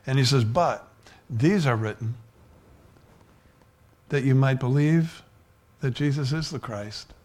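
A man preaching a sermon, building from low, even talk to loud fervor and at times dropping to a whisper. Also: takes it slowly, long pauses.

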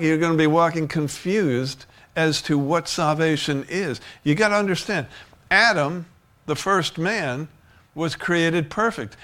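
Man preaching in a relaxed, chatty way. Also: fairly high pitch. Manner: conversational preaching with frequent restarts and chuckles. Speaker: pastor. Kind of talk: sermon.

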